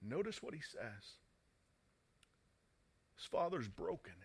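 A man's voice: mid-range voice, sing-song, slow, husky. A man preaching a sermon in a dramatic manner, reading scripture and rising to fervent emphasis.

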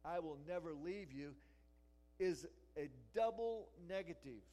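A man's voice: a little high, animated, a little slow, rough recording. Emphatic pastor, man preaching. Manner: emphatic, builds to loud repeated cries then drops to a quiet prayer. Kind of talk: sermon. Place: church before a congregation.

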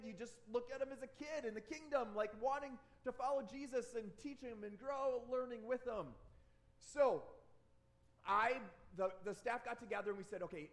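Male pastor, 30s, high-pitched, conversational and lively sermon delivery. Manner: conversational, animated, repeats words for emphasis.

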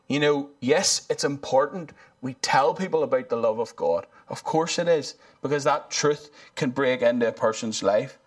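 A man preaching a sermon in an earnest, conversational way, often restarting and saying "you know". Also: mid-range voice.

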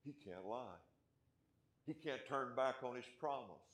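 A man preaching a sermon as pastor, asking his congregation questions and punching key points, then dropping to a hush. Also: mid-range voice, animated, unhurried, echoey room. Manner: emphatic, rising loud on key points, then dropping quiet; asks the congregation rhetorical questions.

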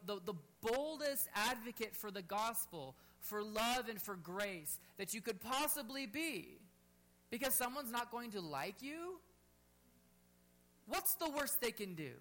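Fervent pastor with a bright voice. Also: male voice, very high voice. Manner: fervent, rising to near-shouts on bold exhortations, then quiet and gentle in prayer. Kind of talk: sermon. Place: church service.

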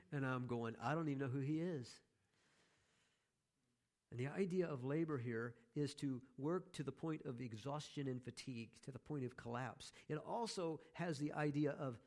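A man preaching a sermon as pastor, conversational, with joking asides to the congregation. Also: medium pitch.

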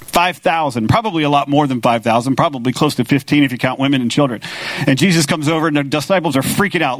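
A man's voice: on the high side, fast talker, no echo. A man preaching a sermon as pastor, talking casually and with animation, paraphrasing scripture in an everyday voice.

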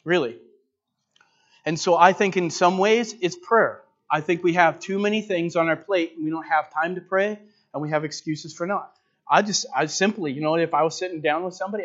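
A man's voice: a little high, a bit bright, highs cut off. A man preaching a sermon, earnest and direct, building to emphatic repeated phrases. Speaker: pastor.

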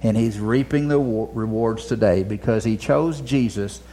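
A man preaching a sermon, telling stories dramatically and dropping from loud passages to a near whisper. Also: fairly low pitch, moderate pace.

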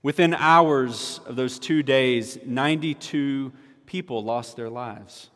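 Male pastor, sermon delivery, emphatic and repetitive, mid-pitched, long reverb from a large room. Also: takes it slowly, a bit bright. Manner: emphatic preacher, repeating key phrases.

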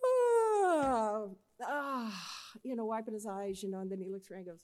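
A woman giving a chapel talk, telling a Bible story with animated voices and often checking in with her listeners. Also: medium pitch, very fast. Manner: animated, acts out characters in the story. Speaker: chapel speaker.

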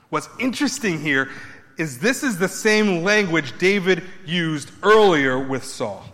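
A man preaching a sermon, building emphatic repeated points and then dropping his voice low. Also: a bit bright, big-room sound. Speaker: pastor.

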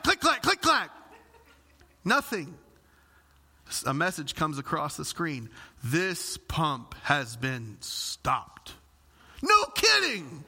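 A middle-aged male pastor preaching a sermon, telling a story with lively acted-out quotes and humor. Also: on the high side. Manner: animated storyteller, acts out quotes.

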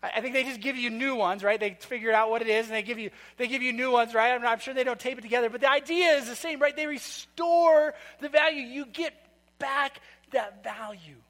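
A man's voice: extremely high pitch, fairly quick, fairly bright tone. A man preaching a sermon to a congregation, telling a story in a chatty way and asking the people questions. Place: church sanctuary. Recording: long reverb of a large hall.

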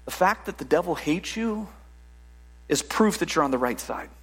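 A male pastor preaches in a lively, conversational way, often restarting his sentences and tossing in quick "right?" asides. His voice sits noticeably high for a man. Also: slightly rough. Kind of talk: sermon.

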